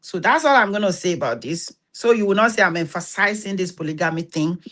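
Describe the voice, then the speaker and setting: A woman from Nigeria with a Nigerian accent, hosting an advice talk, telling stories in an animated and preachy way and acting out the dialogue. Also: on the low side, brisk. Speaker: host.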